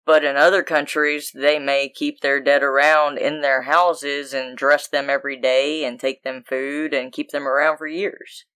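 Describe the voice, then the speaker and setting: A woman co-hosting a podcast, telling animated, profane stories in casual chat. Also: deep voice, measured pace, few pauses, clear, resonant tone. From United States. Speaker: podcast co-host.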